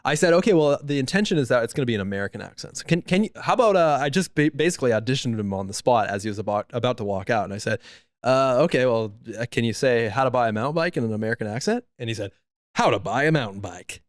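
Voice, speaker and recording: A man's voice: medium pitch, lively intonation, racing, no room sound, studio quality. A man co-hosting a podcast in casual chat, telling stories and acting out what people said. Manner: storytelling with lots of acted-out quotes. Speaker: podcast co-host.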